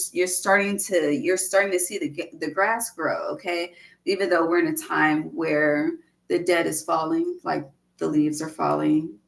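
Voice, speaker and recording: A woman's voice: fairly low pitch, vocal fry. A woman giving a casual tarot reading, rambling and chatty, swearing freely as she talks. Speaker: tarot reader.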